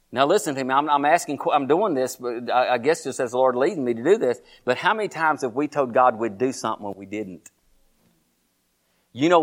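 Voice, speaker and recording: This is a medium-pitched man with a Texan accent preaching. He narrates the sermon's story in an animated style and directs questions at the congregation.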